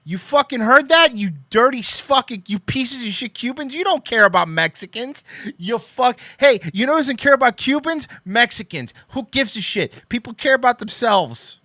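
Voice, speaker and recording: Shrieking, sneering online ranter voiced by a man, high, strained and bright, spitting out profane mock outrage. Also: big pitch swings, slow, no room sound, studio quality, full character voice. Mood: mock rage. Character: shrieking, sneering caricature of an angry online poster.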